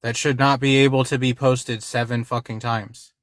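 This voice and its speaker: A man's voice: medium pitch, little pitch movement, moderate pace, no echo, studio quality. Frustrated man ranting to his stream chat. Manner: frustrated, agitated, swearing, repeating himself. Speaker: livestream host. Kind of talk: casual livestream talk to chat.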